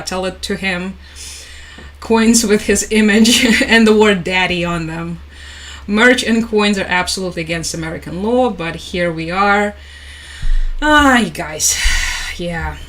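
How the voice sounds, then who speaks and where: A woman's voice: on the low side, a bit bright, low-quality recording. A young woman hosting a casual live stream, chatting, laughing often and reading out viewer comments. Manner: chatty, laughs often, reads chat aloud.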